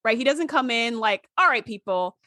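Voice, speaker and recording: A woman's voice: fairly high pitch, lively intonation, moderate pace, bright, forceful tone, dry recording, studio quality. A woman co-hosting a podcast in casual chat, enthusiastic and full of "like" fillers. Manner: enthusiastic, uses many "like" fillers. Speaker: podcast co-host.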